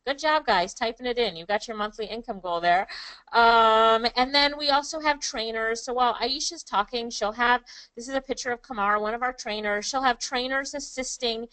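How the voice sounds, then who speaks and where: Bright upbeat woman presenting a webinar. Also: a little high, moderate pace, clear, resonant tone, no room sound, rough recording. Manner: upbeat, chatty, addresses viewers by name. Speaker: online class presenter. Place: Kingston, Jamaica.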